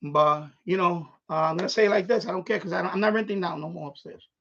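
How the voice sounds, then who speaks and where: A man's voice: high-pitched, quick pace, creaky, a bit bright. A man hosting a live stream and telling a profane, worked-up story about a tenant, laughing often as he talks. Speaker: live stream host, landlord. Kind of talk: casual storytelling rant. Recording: dull lo-fi stream audio.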